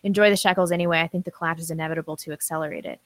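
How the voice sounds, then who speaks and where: A woman's voice: sits low, steady tone, racing, dry recording. A woman co-hosting a live-stream talk show, reading viewer comments aloud and chatting casually. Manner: reads superchats aloud, chatty with fillers.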